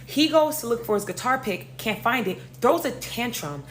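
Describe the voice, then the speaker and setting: Animated young New woman telling a story. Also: on the high side, normal speed, a little hiss or hum. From New York. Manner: animated, slangy and profane, addressing listeners as y'all. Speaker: storyteller host. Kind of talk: casual storytime vlog.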